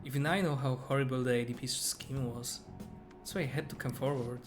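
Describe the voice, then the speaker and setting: An earnest young fortune teller who regrets misleading her followers and pleads with them to trust their own strength, read aloud by a man in his everyday mid-range voice. The lines come at a steady, sincere pace over clear game music. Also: mid-range voice, fairly quick, natural voice. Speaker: gamer reading game dialogue aloud. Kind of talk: reading game dialogue aloud.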